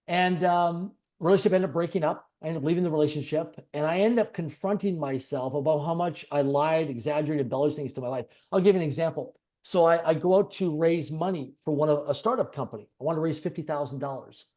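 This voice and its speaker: A man's voice: a little high, fast, few pauses, dark tone. A man being interviewed, earnestly telling a personal story in conversation with repetitive, piled-up phrasing. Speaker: interview guest.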